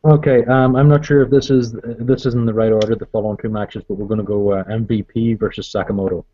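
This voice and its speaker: Calm lower-voiced man, hesitant. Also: fast talker, no echo, lo-fi sound. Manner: calm, hesitant, many fillers. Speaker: podcast co-host. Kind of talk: casual chat.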